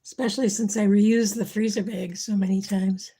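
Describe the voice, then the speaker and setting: A woman's voice: mid-range voice, steady tone, normal speed, mellow, slightly rough. A woman hosting a casual livestream, chatting and thinking aloud as she works, her voice getting tired. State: losing her voice. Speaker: livestream host. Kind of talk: casual kitchen livestream chat.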